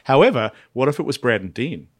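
A man's voice: mid-range voice, sing-song, fairly quick, breathy edge. A man with a New Zealand accent, a podcast guest in casual, joking chat. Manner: laid-back, joking.

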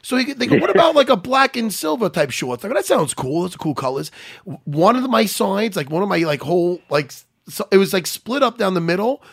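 Brief male podcast host, high gravelly voice, lively, swearing storyteller, dry close sound. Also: fairly quick, no room sound. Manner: animated, profane, laughs often. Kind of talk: casual storytelling chat.

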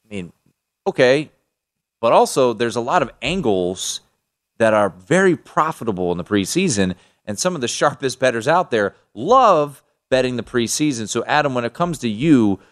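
Chatty male sports talk host. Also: medium pitch. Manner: loose and chatty, with frequent restarts. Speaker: sports betting show host.

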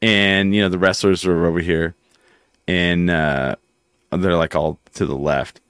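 A man hosting a casual chat show, telling stories in an animated, filler-heavy way. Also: low-pitched, unhurried, smooth, dry recording, studio quality. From near West Texas. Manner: animated storyteller, many fillers. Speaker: host.

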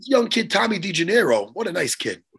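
A middle-aged man, co-hosting an excited, rambling casual chat full of jokes. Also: sits high, a little fast, vocal fry, slightly rough. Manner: animated, rambling, jokey. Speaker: co-host, jiu-jitsu coach.

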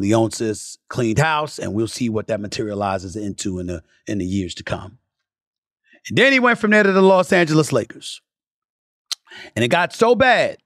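A man hosting a sports talk podcast, delivering an emphatic commentary monologue that climbs into passionate lists and drops into low, muttered asides. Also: dry recording, studio quality. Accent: New York. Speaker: podcast host.

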